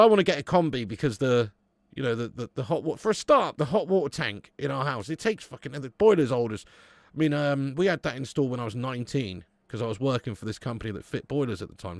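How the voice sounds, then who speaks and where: A man in his late thirties with a mid-range, darkish voice is recorded with no echo. He hosts a live football watch-along, bantering in a laid-back way with viewers, swearing and calling them "mate" and "lad".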